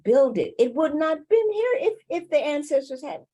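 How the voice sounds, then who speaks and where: A woman voicing Sangura, a bold little male rabbit, in a high indignant storybook voice. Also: big pitch swings, normal speed, dark tone.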